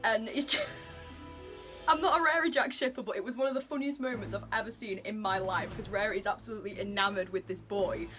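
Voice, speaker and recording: A woman's voice: mid-range voice, fast, music in the background. A woman reacting to a comic as she reads it, gushing and giggly with lots of exclamations. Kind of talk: excited reading reaction.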